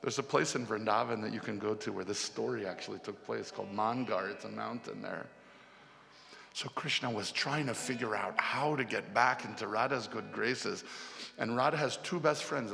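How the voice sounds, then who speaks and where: A man retelling a devotional story in a casual, animated way to a festival gathering. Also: mid-range voice, gravelly. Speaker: spiritual storyteller. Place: festival hall. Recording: long hall reverb, faint music.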